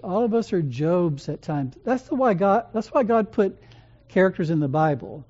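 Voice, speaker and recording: An earnest preacher with a warm, mellow tone speaks in a gentle, measured way, pausing often. The recording sounds dull and lo-fi. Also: medium pitch, lively intonation. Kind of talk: sermon.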